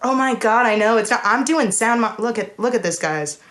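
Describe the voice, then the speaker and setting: A woman co-hosting a casual chat podcast from home, talking in an animated, chatty way with frequent laughter and sitting a little far from her mic. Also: fairly high pitch, fairly quick. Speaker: podcast co-host. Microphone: home setup, set up far from the mic.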